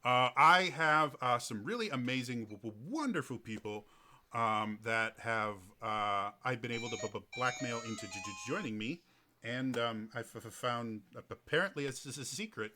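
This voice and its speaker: A man's voice: mid-range voice, expressive, moderate pace, pushed and bright, faint music behind. A man hosting a casual podcast, stuttering often on the first sounds of words. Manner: heavy stutter on word starts. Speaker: podcast host.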